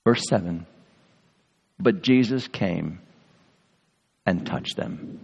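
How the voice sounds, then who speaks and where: A man preaching a sermon in earnest, storytelling fashion, slowing and softening on key words. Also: on the low side, creaky, dull audio. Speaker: pastor. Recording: long reverb of a large hall.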